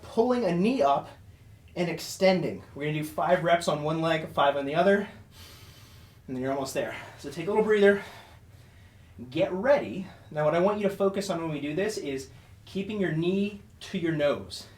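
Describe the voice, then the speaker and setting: A man's voice: fairly high pitch, expressive, normal speed, echoey room, recorded from a distance. A man coaching a follow-along workout with short, encouraging cues, out of breath as he exercises along. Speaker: fitness instructor.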